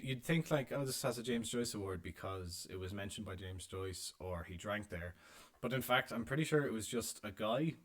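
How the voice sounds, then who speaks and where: A man's voice: lowish voice, a bit bright. A man hosting a casual virtual pub tour from inside a pub. He chats and jokes while checking audience answers in a quiz. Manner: chatty, joking, confirming audience answers. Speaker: host and pub guide.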